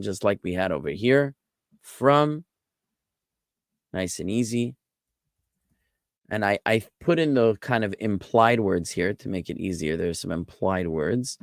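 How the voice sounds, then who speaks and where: A man, a rabbi, giving a relaxed online class on Biblical Hebrew, explaining words patiently and wandering off into asides. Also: on the low side, no echo, studio quality. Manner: relaxed, explanatory, digressive with fillers.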